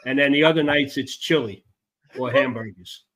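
Plainspoken older guest, Chicago accent. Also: male voice, medium pitch, moderate pace, a loud crowd. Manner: plainspoken, matter-of-fact. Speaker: guest, motorcyclist advocacy director. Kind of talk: casual interview.

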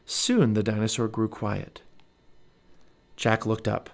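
A man reading a children's storybook aloud as narrator, expressive and animated. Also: on the low side, slow, creaky.

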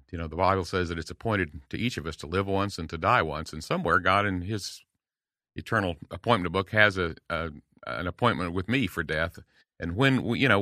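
A man in his sixties with a very low yet bright, forward voice. He talks like a guest telling folksy stories with emphasis. The recording is dry and close. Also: no room sound. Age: 60s. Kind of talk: conversational podcast interview.

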